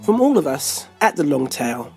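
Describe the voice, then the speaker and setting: A man's voice: fairly high pitch, very animated, normal speed, soft background music. A man hosting a children's story podcast, speaking in a theatrical storyteller manner. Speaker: podcast host. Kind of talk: scripted narration.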